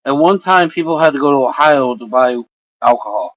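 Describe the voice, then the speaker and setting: A man's voice: mid-range voice, fairly quick, a bit bright, dry recording, muffled recording. A man in his forties from Indiana hosting a livestream, chatting loosely with his viewers, rambling and swearing constantly. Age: 40s. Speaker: livestream host. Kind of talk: casual chat with viewers. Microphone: streaming setup microphone.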